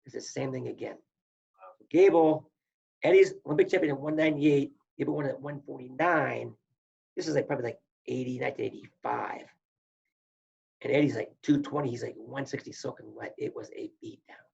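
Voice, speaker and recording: Older guy, gravelly voice, spins stories and does everyone's lines, muffled lo-fi audio. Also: mid-range voice, brisk. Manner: animated storyteller, acts out quotes. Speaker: podcast guest, former wrestler. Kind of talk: casual storytelling. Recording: dull lo-fi audio.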